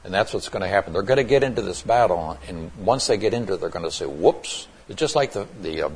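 Low, husky-voiced male Bible teacher. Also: lively intonation, fast. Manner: explanatory, with frequent restarts and emphatic asides.

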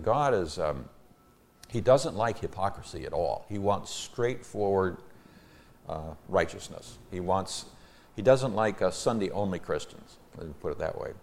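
Deep-voiced man teaching verse by verse. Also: a little mellow, slight background noise. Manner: reads scripture with strong emphasis on key words; explains as he goes in plain, unhurried asides. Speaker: Bible teacher.

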